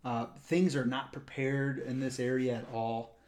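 In a mid-range, level, slightly mellow voice, a man takes his time recounting a rambling story from his job as a park ranger. He co-hosts the casual podcast and performs the voices of the people in the tale.

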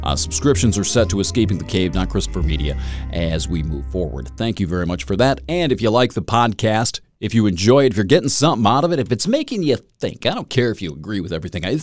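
A man's voice: fairly low pitch, very animated, fast talker, darkish tone, no room sound, studio quality, soft background music. A man hosting a solo podcast, talking in a loose, rambling, wry way and chuckling at his own jokes. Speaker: podcast host. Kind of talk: casual solo podcast monologue.

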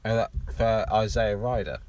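A man's voice: on the low side, normal speed, a little mellow. A young man from England co-hosting a podcast in casual chat, swearing and restarting his sentences. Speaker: podcast co-host.

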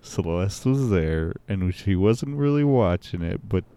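Very deep-voiced man telling stories. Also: lively intonation, a little slow, dark tone, clear, resonant tone. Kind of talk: casual chat.

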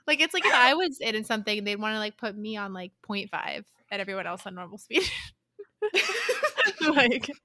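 A woman's voice: mid-range voice, animated, normal speed, sharp tone, no room sound. A young woman co-hosting a podcast in chatty, playful casual talk. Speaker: podcast co-host. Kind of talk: casual chat.

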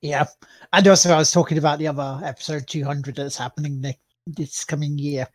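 A man's voice: a little high, fairly even intonation, a little fast, no echo. A tired man co-hosting a casual podcast, full of wry jokes and slang. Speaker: podcast co-host.

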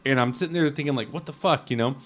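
A man's voice: medium pitch, fast, soft background music. Emotional, stammering man in casual chat. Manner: emotional, stammering, heavy swearing. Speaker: film critic guest.

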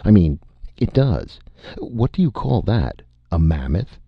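A man's voice: low voice, big pitch swings, a little slow, vocal fry, slightly rough, no room sound, dull audio, pitched above the performer's own voice, heavily acted. A man voicing a brusque man who drinks whiskey and gets rattled, in an audiobook reading. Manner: cold then shaky.

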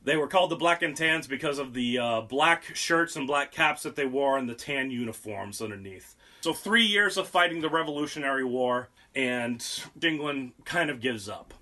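A man's voice: mid-range voice, normal speed, sharp tone. A young man hosting a podcast, rambling through history in casual talk, profane and sarcastic. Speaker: podcast host.

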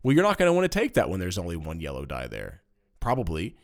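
Casual podcast co-host, man, very deep voice, animated and jokey, rambling explanations. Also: fast, vocal fry. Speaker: board game podcast co-host. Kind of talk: casual chat. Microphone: studio microphone.

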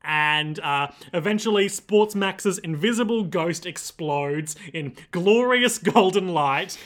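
A young man with a slightly high voice recaps an anime episode on a casual podcast. He tells the story in a laid-back way and laughs often. His tone stays easygoing throughout. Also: expressive, slow, fairly bright tone. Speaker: podcast co-host.

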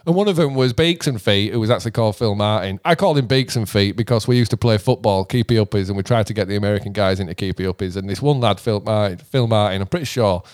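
A man's voice: lowish voice, quick pace, hardly any pauses, darkish tone, no room sound, clean studio sound. A man telling rambling stories in casual chat, swearing freely and laughing often. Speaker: podcast guest musician.

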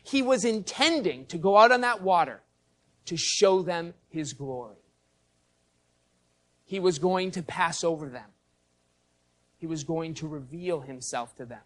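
Male pastor, fairly high voice, teacherly sermon, explains and quizzes the congregation. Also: slow, pauses often, a bit bright. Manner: teacherly, explains the Greek and asks the congregation questions. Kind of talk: expository sermon.

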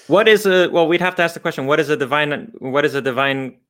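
A man's voice: a little high, fast talker, a bit bright. A man explaining philosophical ideas off the cuff as a guest, thinking aloud with frequent restarts and fillers.

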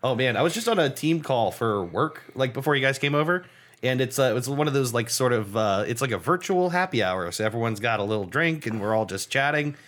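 A man's voice: medium pitch, expressive, a little fast, a bit bright. A man in his thirties co-hosting a casual podcast, telling wry stories with laughs. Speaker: podcast co-host. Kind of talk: casual chat.

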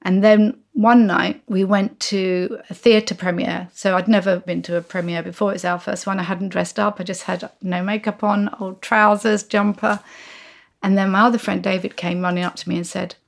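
A woman in her sixties tells an animated story as an interview guest, slipping into the voices of the people she describes. Her voice has a gravelly, creaky edge at a mid pitch. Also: normal speed.

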